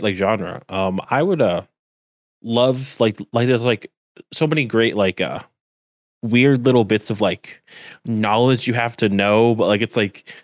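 Male podcast co-host, lowish pitch, dry mic, rambling casual delivery. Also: dry recording. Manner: rambling, heavy use of "like" fillers. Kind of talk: casual chat.

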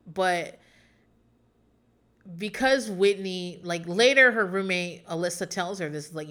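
A chatty woman talks loosely and profanely, stacking asides and filler words as she goes. Her pitch sits right in the middle of a typical woman's range, and she breaks into laughter often. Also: expressive, unhurried, sharp tone. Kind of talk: casual recap chat.

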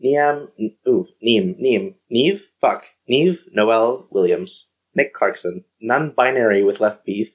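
Brief: husky-voiced woman, casual comedy podcast co-host, muffled lo-fi recording. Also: extremely low pitch, animated, slow, few pauses. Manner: reads a long list aloud, stumbles over names and swears.

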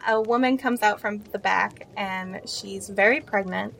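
Gravelly-voiced woman running a tabletop game. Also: medium pitch, a little slow, fairly bright tone. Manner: laughs often, plays tavern keepers. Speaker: game master.

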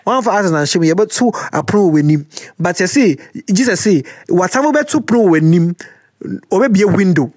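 Lively Ghanaian woman hosting an advice show. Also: lowish voice, a little fast, dry recording, studio quality. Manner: animated and teasing, mixing slang and local words. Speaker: advice podcast host reading listener letters. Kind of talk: casual chat.

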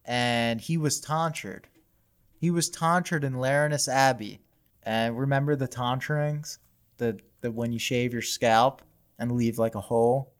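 A man's voice: mid-range voice, fairly even intonation, measured pace, clean tone. Man casually retelling history. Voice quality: casual, profane, laughs easily. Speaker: podcast host telling a history story. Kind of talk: casual comedy podcast narration.

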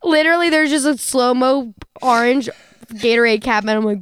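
A young adult woman co-hosting a podcast, telling stories in a lively, casual way with frequent swearing and laughter. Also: a little high, normal speed, clean tone. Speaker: podcast co-host. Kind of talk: casual chat.

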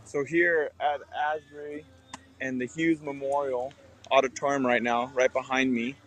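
Man, casual field report, outdoors, relaxed, filler-heavy. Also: medium pitch, moderate pace, slight background noise. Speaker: guest reporting on location. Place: outdoors by an auditorium.

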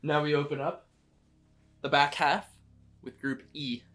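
A man's voice: a little high, little pitch movement, fairly bright tone, faint music behind. A man co-hosting a sports podcast, chatting casually and joking as he runs through fixtures. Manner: joking, quick to argue and laugh. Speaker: podcast co-host.

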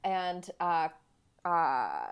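A woman co-hosting a casual book podcast. She recaps the story in a halting way, with many ums and likes. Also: fairly low pitch, huge pitch swings, gravelly, smooth. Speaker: podcast co-host.

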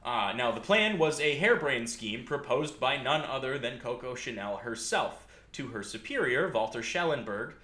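A man's voice: mid-range voice, pushed and bright. Sardonic man telling history in an echoey room. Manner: sardonic asides, frequent "uh". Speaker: podcast host telling a history story. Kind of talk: casual storytelling from notes.

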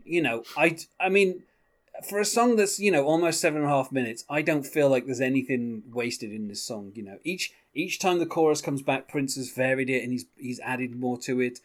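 A man in casual talk about a song, rambling with many fillers and reading lyrics in a soft, lowered voice. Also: normal speed. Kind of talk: casual music discussion.

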